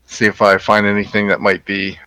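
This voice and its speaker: A man playing a tabletop game, asking methodical, deliberate questions. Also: on the low side, completely flat delivery, sharp tone, dry recording, low-quality recording. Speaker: player. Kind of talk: casual tabletop play.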